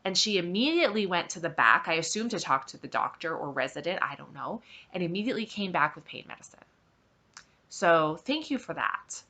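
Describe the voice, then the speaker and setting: A woman's voice: on the low side, lively intonation, brisk, bright, forceful tone. A woman hosting her own vlog, telling a personal story to camera in a candid, emphatic and exasperated way. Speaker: vlog host.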